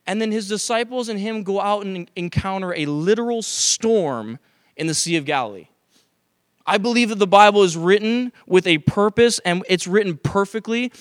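A male pastor preaching a sermon to a congregation, animated and acting out quoted voices. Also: sits high, clean tone, dry recording, clean studio sound. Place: church sanctuary.

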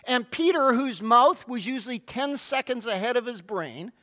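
A middle-aged male pastor with a notably high voice, preaching a sermon. He tells his stories dramatically, leaning on emphatic pauses and short punchy words. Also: lively intonation, bright, forceful tone.

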